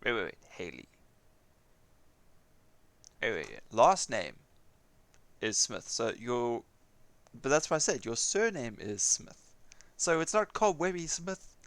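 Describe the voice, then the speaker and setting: A man's voice: medium pitch, very animated, slow pace, pauses often, fairly bright tone, dry recording. A man chatting casually while gaming, a rambling storyteller who chuckles often, with a non-American English accent. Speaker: gaming streamer.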